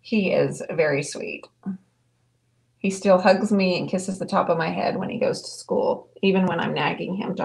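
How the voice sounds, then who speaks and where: A woman's voice: on the low side, normal speed, vocal fry, a little mellow. A woman in her forties hosting a live painting show, chatting and telling stories as she paints. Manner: chatty, storytelling, laughing often. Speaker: painting livestream host. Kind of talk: casual chat while painting.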